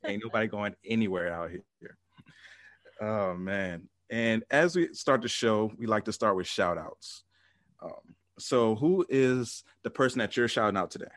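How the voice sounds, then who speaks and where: Laid-back low-voiced male podcast host. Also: lively intonation, unhurried, fairly bright tone, dry recording, studio quality. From Arizona. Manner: laid-back, laughs often, chatty. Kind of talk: casual sports podcast chat.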